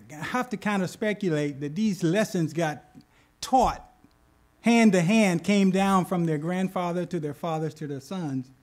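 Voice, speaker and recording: A man preaching a sermon, retelling scripture with animated bursts and asking the congregation "okay?". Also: high-pitched. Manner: animated, rises loud when acting out scripture; addresses congregation with "okay?" asides. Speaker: pastor.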